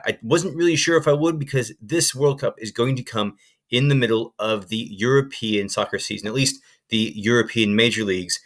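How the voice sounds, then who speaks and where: A man's voice: medium pitch, fairly bright tone. A young man hosting a sports betting channel, talking casually and enthusiastically with frequent fillers and restarts. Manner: chatty, filler-heavy, enthusiastic. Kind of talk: casual presenting to camera.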